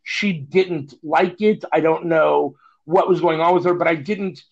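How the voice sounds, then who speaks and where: A man co-hosting a casual podcast, his voice gravelly and sitting a bit high. He rambles and pauses on fillers, restarting his thoughts. The sound is dull and lo-fi, as if picked up through a phone. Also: steady tone. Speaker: podcast co-host. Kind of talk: casual chat.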